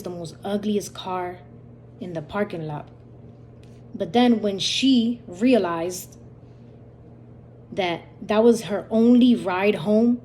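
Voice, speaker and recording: A woman's voice: medium pitch, warm tone, a little hiss or hum. A woman hosting her own channel, casually retelling a dream in a rambling, repetitive way full of quoted dialogue. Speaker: channel host. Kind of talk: casual storytelling about a dream.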